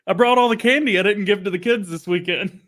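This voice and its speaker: A man's voice: high voice, fast, fairly bright tone. A man hosting a podcast in joking, playful casual chat. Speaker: podcast host.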